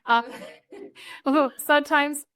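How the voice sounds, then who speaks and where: A woman's voice: high voice, steady tone, takes it slowly, fairly bright tone, no echo, studio quality. A woman co-host chatting casually and agreeably on a podcast. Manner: chatty, laughs easily, agreeable.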